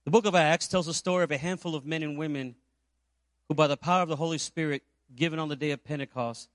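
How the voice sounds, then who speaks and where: Male pastor from Puerto Rico, high voice, dry close sound, preaches in a storytelling style with rhetorical questions. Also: fairly even intonation, quick pace, dry recording. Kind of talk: sermon.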